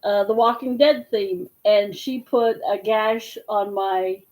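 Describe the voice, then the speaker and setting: Woman chatting at home, mid-pitched, rambles and laughs easily. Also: fairly even intonation, takes it slowly, a little mellow, rough recording. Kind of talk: casual chat.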